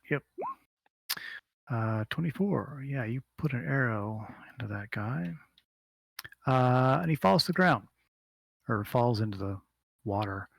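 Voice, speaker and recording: A man running a tabletop game as game master, narrating the action in a relaxed, unhurried way. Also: medium pitch, vocal fry, no room sound. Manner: relaxed, unhurried, hums filler sounds while rolling.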